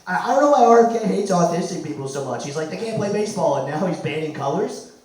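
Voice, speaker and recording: A man doing a loud, crude stand-up set, his voice going hoarse. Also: fairly high pitch, animated, quick pace. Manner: loud, crude, rambling jokes. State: losing his voice. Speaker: stand-up comic. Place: comedy club stage. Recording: echoey room, mic far off.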